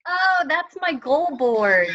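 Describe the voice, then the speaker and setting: High, bright woman on a dull video-call line. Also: big pitch swings, slow. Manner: friendly, chatty. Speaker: guest entrepreneur. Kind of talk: casual chat over a video call.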